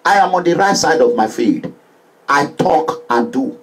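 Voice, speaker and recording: A middle-aged man with a Nigerian accent from Edo State preaches a political monologue in a high, restless voice. His pitch leaps around as he moves between hushed pleading and loud declaiming, breaking into chanted refrains. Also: expressive, measured pace, slight background noise, rough recording. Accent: Nigerian English with Pidgin. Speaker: political activist vlogger.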